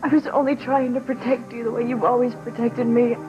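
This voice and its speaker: An actress playing a remorseful young mother who is near tears, pleading and halting in a daytime soap opera scene. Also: on the high side, little pitch movement, lo-fi sound, over music, lightly acted. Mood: tearful. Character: remorseful young mother confessing to her former love.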